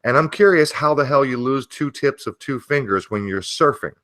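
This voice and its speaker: A man's voice: mid-range voice, lively intonation, moderate pace, a bit bright, no room sound, studio quality. A man chatting on an online talk show, blunt and skeptical, stammering on restarts. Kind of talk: casual conspiracy talk chat.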